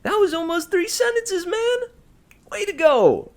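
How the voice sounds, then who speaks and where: A cheeky teenage boy hero talks back loudly and sarcastically in a raised, excitable voice, as a man reading a storybook puts him on. The voice jumps well above the reader's own. He is full of nerve. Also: drawn-out words, gravelly, slightly rough, heavily acted. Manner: high, loud, excitable sarcasm.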